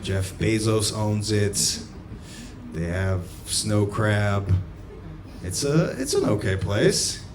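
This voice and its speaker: A man performing a stand-up comedy set, telling a story and breaking into sudden shouts. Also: fairly low pitch, noisy background. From United States. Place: comedy club stage. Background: audience laughter.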